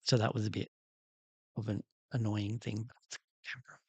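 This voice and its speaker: A man's voice: on the low side, level tone, a little fast, slightly rough, no echo, muffled recording. A man hosting a livestream, chatting casually in a rambling, candid way while he works on a doll. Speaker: livestream host.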